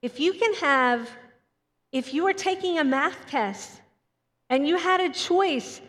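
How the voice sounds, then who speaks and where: A woman delivers a Sunday sermon in a high, bright-pitched voice, animated and quick to slip into the voices of children. Her words ring out with a long reverb, as if she is speaking in a large hall. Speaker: preacher. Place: church hall.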